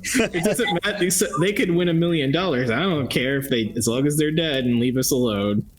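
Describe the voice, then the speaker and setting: A man's voice: a little high, normal speed. A man playing in a tabletop game, joking and laughing as he talks. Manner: jokey and laughing, lively intonation. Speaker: player. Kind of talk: casual tabletop play.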